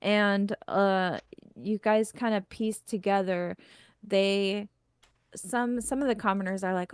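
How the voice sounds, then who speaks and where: A woman's voice: medium pitch, steady tone, takes it slowly, clean tone, dry recording. A woman narrating as game master in casual talk, with many fillers. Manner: casual, rambling, full of fillers and "like".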